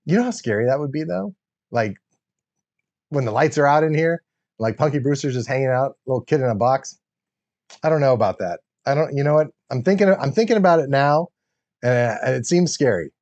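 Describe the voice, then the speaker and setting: A man hosting a casual livestream, chatting in a rambling, excitable way and laughing often while he builds a toy set. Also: medium pitch, a little fast, pauses often, muffled recording. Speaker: livestream host.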